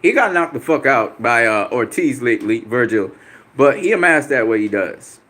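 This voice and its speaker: A man's voice: mid-range voice, expressive, moderate pace, pushed and bright. A man hosting a boxing channel, answering viewer comments on a live stream in a combative, profane way, repeating himself for emphasis.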